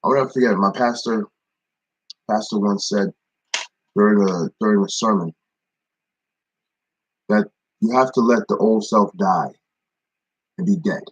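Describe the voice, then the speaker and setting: Husky-voiced man giving a casual devotion. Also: fairly low pitch, lively intonation, a little slow, long pauses, highs cut off. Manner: conversational, repeats phrases for emphasis, greets viewers by name. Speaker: ministry devotion leader. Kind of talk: informal devotional talk.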